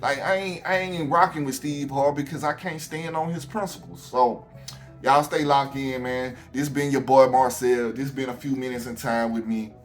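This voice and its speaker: A man's voice: medium pitch, normal speed, faint music behind. A man with an Alabama accent ranting in a casual commentary vlog, talking straight at the person he criticizes. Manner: animated, repetitive, addresses the subject directly. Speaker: YouTube commentator.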